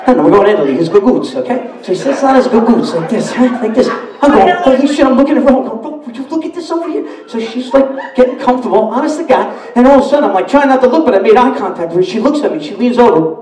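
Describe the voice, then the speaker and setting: A man, a party emcee telling a story to the crowd in a brash, animated way. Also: high-pitched, fast, distant mic. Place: banquet hall at a dinner dance. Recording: echoey hall, mic from afar.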